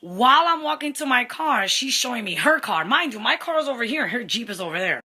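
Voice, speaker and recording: Young woman vlogging, kinda high voice, says "like" a lot and switches into spanish here and there. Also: a little fast, breathy edge. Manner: animated, mixes in Spanish phrases, many "like" fillers. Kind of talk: casual storytelling.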